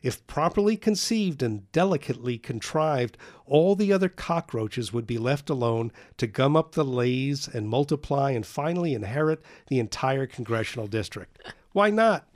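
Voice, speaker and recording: A man's voice: medium pitch, animated, normal speed, a little mellow. A man reading a novel aloud in a dry, wry way. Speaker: narrator.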